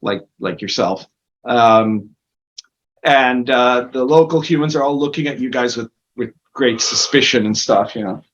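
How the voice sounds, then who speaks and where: A man's voice: medium pitch, unhurried, fairly bright tone. Rambling male game master. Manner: rambling, hesitant with many fillers. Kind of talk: narrating a tabletop game. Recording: dull lo-fi recording.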